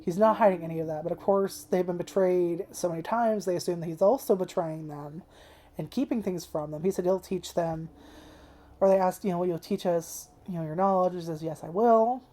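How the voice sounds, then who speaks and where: A woman talks straight to the camera in a loose, rambling vlog review. Her voice sits a little low and sounds soft and mellow. She swears freely, leans on "like" constantly, and gets emotional as she goes. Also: a little fast. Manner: rambling and profane, heavy use of "like"; emotional, tearful at times. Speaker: anime reviewer.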